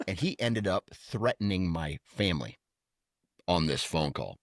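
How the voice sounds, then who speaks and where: A man's voice: low voice, very animated, measured pace, dry recording, clean studio sound. A man co-hosting a podcast, telling stories in casual chat and slipping into silly voices. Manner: storytelling with put-on voices and laughter. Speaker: podcast co-host.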